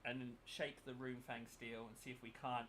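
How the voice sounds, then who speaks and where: The host of a miniature painting channel chats casually and thinks aloud while he paints, muttering as he works. His mid-range voice has little pitch movement, a moderate pace, and a fairly bright tone, with slight background noise.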